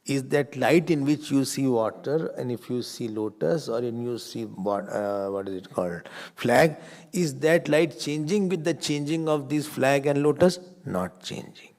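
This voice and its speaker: A man's voice: mid-range voice, measured pace, a little mellow. A man teaching a scripture class as a swami. He asks the class questions, answers them himself and stresses words with sudden force.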